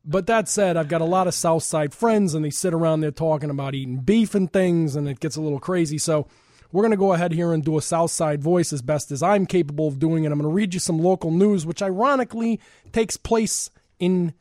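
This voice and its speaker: A man's voice: a little high, fairly quick, darkish tone, dry recording, studio quality. A man from the Chicago suburbs hosting a talk show, joking and rambling in casual chat with frequent laughs. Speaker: show host.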